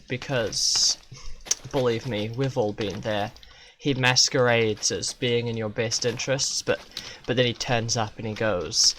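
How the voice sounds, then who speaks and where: A man's voice: mid-range voice, fairly even intonation, takes it slowly, a little hiss or hum. A man streaming a video game, rambling through absurd, profane jokes in live commentary.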